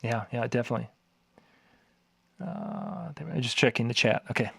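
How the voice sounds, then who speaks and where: A man's voice: medium pitch, lively intonation, normal speed, gravelly, husky, no room sound. A man co-hosting a DJ show in casual chat, talking hesitantly with many fillers. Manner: hesitant, lots of filler words. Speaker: DJ co-host.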